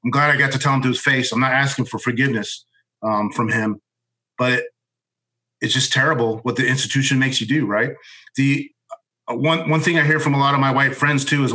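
A former Marine officer telling a personal story in a candid, halting way, restarting sentences and swearing bluntly. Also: male voice, mid-range voice, fairly even intonation, pushed and bright, poor audio.

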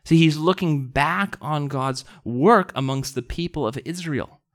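A man's voice: a little high, unhurried. Earnest preacher, man, rising emphasis. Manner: earnest, rising emphatic delivery with repeated rhetorical questions. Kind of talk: sermon.

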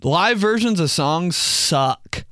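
A man's voice: high voice, expressive, takes it slowly, a bit bright, no room sound, studio quality. A young man casually hosting a solo podcast, joking loosely in slang and laughing between stories. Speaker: podcast host.

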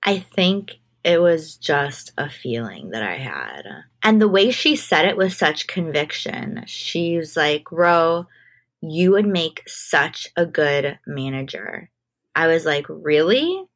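Low, slow-talking woman. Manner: relaxed, unhurried, casual with frequent "like". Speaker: guest, entertainment manager. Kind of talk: conversational interview storytelling.

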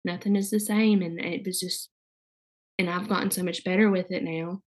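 A young woman guest speaking candidly in casual conversation, halting, with many fillers and restarts. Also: lowish voice, fairly even intonation, slightly rough.

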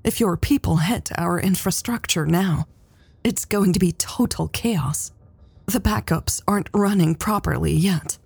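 A remorseful adult woman speaks softly, her voice a little lifted and close to tears, as a female audiobook reader puts her on. The tone stays dark and raspy, slow and unhurried, heard dry and close. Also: lowish voice, dry recording, heavily acted. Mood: soft, tearful.

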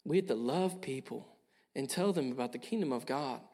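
A man's voice: medium pitch, brisk, warm tone. A young man preaching a sermon, earnest and urging, often repeating his phrases. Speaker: pastor.

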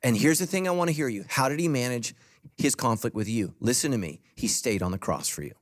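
A man preaching a sermon as pastor to a congregation in a church. He talks emphatically, swinging between loud, punchy lines and soft, low asides. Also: expressive, a little fast.

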